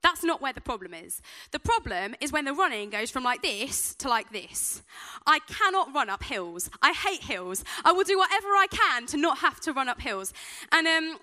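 A woman gives a sermon, mixing scripture with chatty, self-deprecating anecdotes. Her voice is high and bright, and her pitch swings in a lively way. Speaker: preacher. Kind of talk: sermon with personal stories.

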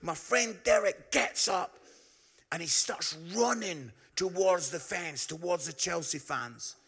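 A man's voice: sits high, slow, fairly bright tone, breathy edge. A Scottish man preaching a sermon, telling a funny story in a chatty way with frequent asides. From Scotland.

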